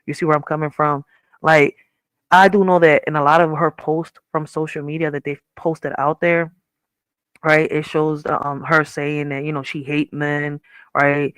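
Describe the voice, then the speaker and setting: A woman's voice: low-pitched, little pitch movement, moderate pace, fairly bright tone, clear, resonant tone, dry recording. A woman in her thirties hosting a podcast, talking candidly and profanely in a rambling casual way, often checking if listeners follow. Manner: candid, rambling, profane, asks 'you see where I'm coming from'. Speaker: podcast host. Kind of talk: casual commentary.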